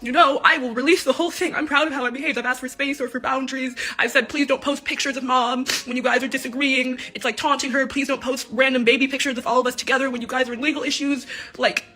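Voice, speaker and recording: A twenty-year-old woman speaking out in an emotional, unscripted monologue, rambling and halting, with nervous laughs. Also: sits high, fairly even intonation, bright, forceful tone, soft background music. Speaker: daughter speaking out in a personal video.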